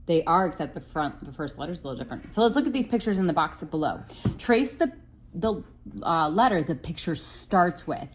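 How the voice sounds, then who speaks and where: A patient young mother teaching her child at home, with a fairly low but very animated voice that climbs high whenever she praises. She speaks warmly encouraging and explains steps to the viewers. A faint noise floor sits under the recording. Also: fairly quick. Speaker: homeschooling mother.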